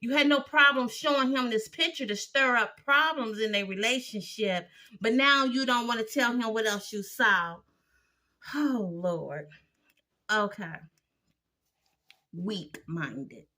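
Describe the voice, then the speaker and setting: A woman's voice: on the high side, slow pace, pushed and bright. A woman giving a blunt, opinionated recap of a TV episode, exasperated and sassy as she talks it through.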